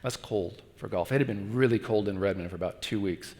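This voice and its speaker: A middle-aged man giving a sermon as a guest preacher, telling stories and dropping to hushed, pleading tones. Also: lowish voice, a little fast, in a large hall. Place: church.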